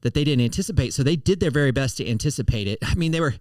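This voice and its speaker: A middle-aged man talks casually as a podcast host, rambling a little and restarting sentences as he explains. His voice sits at an average pitch, recorded close and dry with no room sound. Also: expressive, racing, no echo. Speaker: podcast host and financial firm CEO.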